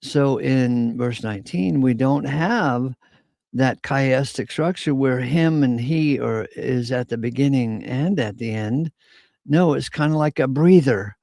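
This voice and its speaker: A man's voice: mid-range voice, creaky, darkish tone, no room sound. A man teaching a Bible passage verse by verse, reading scripture aloud and adding casual asides. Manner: reads scripture slowly, then comments in casual asides. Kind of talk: informal Bible study teaching.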